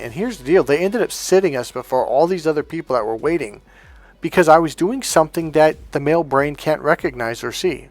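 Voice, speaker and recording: Telling a story in a casual monologue, this dating coach swears often and bluntly, animatedly acting out what people said. His voice is fairly high-pitched and he talks a little fast.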